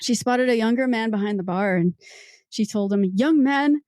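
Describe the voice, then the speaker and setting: A woman hosting a casual history podcast, telling stories in an animated way and laughing often. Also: mid-range voice, fairly quick, smooth, no room sound, studio quality. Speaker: podcast host.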